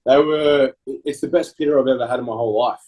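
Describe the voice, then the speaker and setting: A man's voice: mid-range voice, fairly even intonation, fast talker, darkish tone, rough recording. A man, a podcast co-host chatting casually and telling stories. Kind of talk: casual chat.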